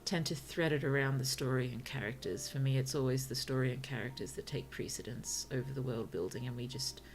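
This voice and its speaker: Low, gravelly Australian woman streamer. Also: a little fast, a little hiss or hum. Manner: musing, chatty, laughs often. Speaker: streamer and writer. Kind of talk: casual livestream chat.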